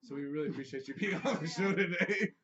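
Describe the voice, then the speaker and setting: A man's voice: a little high, quick pace, far from the mic, over a noisy crowd. A man co-hosting a podcast in casual chat, playful, quipping and dropping catchphrases. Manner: playful, quips and drops catchphrases. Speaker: podcast co-host. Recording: dull lo-fi audio with faint noise.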